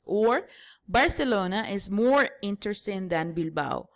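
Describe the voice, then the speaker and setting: A woman's voice: medium pitch, normal speed. A woman English teacher giving a grammar lesson, explaining patiently step by step and spelling out letters.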